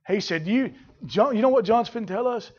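A man preaching a sermon, building from plain talk to shouted fervor in folksy dialect. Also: high voice, animated, a little fast, husky, dull audio. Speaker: pastor.

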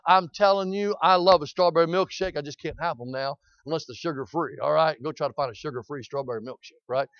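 A man's voice: sits high, dry recording, lo-fi sound. A middle-aged man preaching a sermon, telling a folksy story with frequent amens and rising to hollering.

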